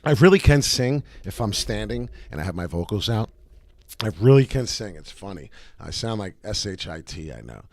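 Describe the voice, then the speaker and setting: Excitable man talking over crypto charts. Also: on the low side, dry recording, studio quality. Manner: excitable and chatty, with many "uh" fillers; breaks into loud off-key singing. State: voice cracking in the morning. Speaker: crypto chart analyst and channel host. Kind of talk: casual crypto chart commentary.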